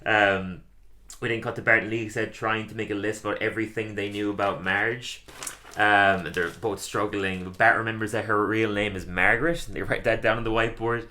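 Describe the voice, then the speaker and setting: A man's voice: lowish voice, fairly even intonation, moderate pace, bright, forceful tone. A man co-hosting a podcast, casually recapping a cartoon episode, laughing often and acting out quoted lines. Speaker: podcast co-host.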